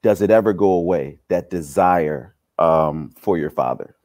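A man's voice: deep voice, a little slow, darkish tone, dry recording, studio quality. A man hosting a podcast, asking reflective questions in a casual interview. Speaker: podcast host.

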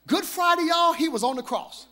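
A man pastor preaching an Easter sermon live in a church on a handheld mic, exuberant and shouting, laughing and trading call-and-response with the congregation. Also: extremely high pitch, moderate pace. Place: church sanctuary. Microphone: handheld microphone.

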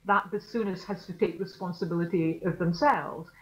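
A woman's voice: on the low side, normal speed. Reflective woman on a muffled video call. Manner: reflective, explanatory, softly emphatic. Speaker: guest percussionist. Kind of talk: online lecture Q&A.

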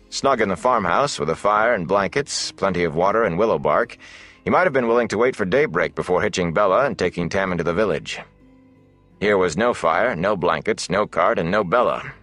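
Deep-voiced male audiobook narrator. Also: fairly bright tone. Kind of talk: scripted fantasy narration.

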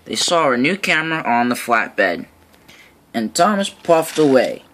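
A man's voice: mid-range voice, big pitch swings, a little slow, background noise. A man narrating a homemade storybook tale about trains, now and then laughing between lines.

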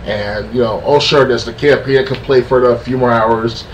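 A man's voice: medium pitch, steady tone, moderate pace, muffled recording. A man ranting on a casual podcast, frustrated and rambling, stumbling and restarting often. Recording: distant mic with faint background noise.

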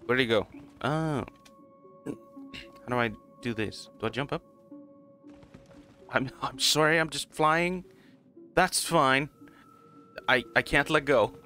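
A man's voice: mid-range voice, takes it slowly, pauses often, sharp tone, faint music behind. A man casually commenting on a game as he plays, rambling and chuckling at himself. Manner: rambling, self-mocking, laughs often. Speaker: gaming channel host. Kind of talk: casual let's play commentary.

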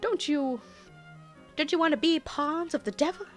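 A woman's voice: high voice, normal speed, soft background music, voice pushed up, natural voice. A woman reading the lines of a wise old male kettle with a Southern US accent, earnest and warning. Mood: grave.

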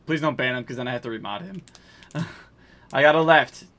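A man's voice: medium pitch, normal speed, a bit bright. A man streaming himself opening card packs, chatting casually, hyping big pulls, joking with viewers, and mumbling while he sorts cards. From New England. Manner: chatty, hypes pulls, jokes with chat. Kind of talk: casual live-stream chat.

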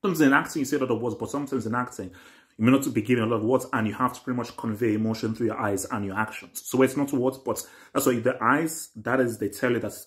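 Rambling young man reacting to TV. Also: quick pace. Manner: rambling and repetitive, swinging between excited bursts and low mutters. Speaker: reaction channel host. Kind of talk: casual TV reaction talk.

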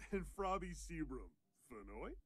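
A woman's voice: lowish voice, full character voice. A woman voicing game characters who chatter in made-up gibberish.

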